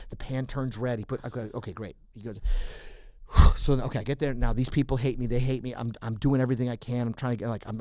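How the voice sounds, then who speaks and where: A man's voice: medium pitch, a little mellow, no echo. A male comedian, a guest on a podcast, telling a rambling, profane story full of restarts in a studio.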